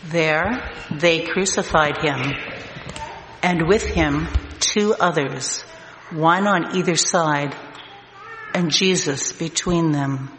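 A man reading scripture aloud as narration, slow and deliberate. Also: a little high, a bit bright. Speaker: scripture reader. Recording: echoey hall, long reverb, faint noise.

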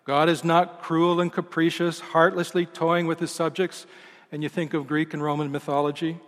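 Man, pastor, sermon, measured and emphatic, falling phrase endings, slightly high voice, long church-hall reverb. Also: level tone.

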